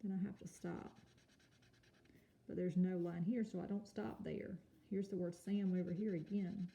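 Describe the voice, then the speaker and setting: A woman teaching a kindergarten home-learning lesson, speaking slowly and carefully and sounding out words for young children. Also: fairly low pitch, fairly even intonation, gravelly, warm tone. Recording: echoey room with faint noise.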